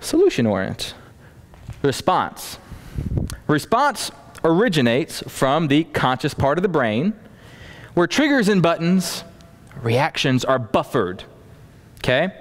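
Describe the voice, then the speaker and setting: A man preaching a storytelling sermon to a congregation, animated, acting out scenes and adding folksy asides. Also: fairly high pitch, takes it slowly. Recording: long hall reverb.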